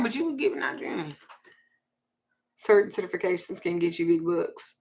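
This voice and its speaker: A Southern woman chats casually on her livestream and tells a story bluntly, with plenty of cursing. She talks in an animated way, and her voice jumps loud now and then. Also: lowish voice, normal speed, slight background noise. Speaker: livestream host reading viewer comments.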